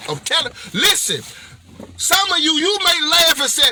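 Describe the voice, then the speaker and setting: A man's voice: very high voice, big pitch swings, normal speed, noisy background. A man giving an emphatic, slangy motivational vlog talk as a speaker and author, playful and preachy.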